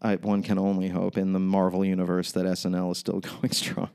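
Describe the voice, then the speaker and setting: A man's voice: low-pitched, monotone, brisk, gravelly, a little mellow, smooth. A man co-hosting a podcast, chatting casually about a TV episode, rambling and swearing a lot, laughing often. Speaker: podcast co-host. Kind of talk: casual chat recapping a TV episode.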